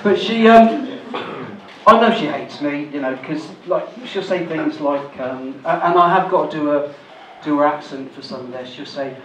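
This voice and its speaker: A man's voice: fairly high pitch, moderate pace. A middle-aged man doing a stand-up comedy set, teasing the crowd and swearing a lot. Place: small club gig with a laughing crowd. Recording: roomy hall taken from far off, loud noise.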